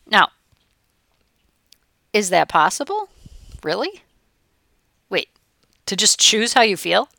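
A middle-aged woman coach giving a chatty, animated motivational talk, now and then acting out her clients' voices. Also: mid-range voice, slow, gravelly, long pauses, no echo.

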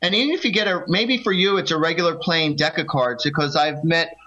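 Man, psychic radio co-host, encouraging, storytelling, slightly high voice, lo-fi sound. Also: brisk. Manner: encouraging, storytelling, animated quoting. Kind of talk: call-in radio chat.

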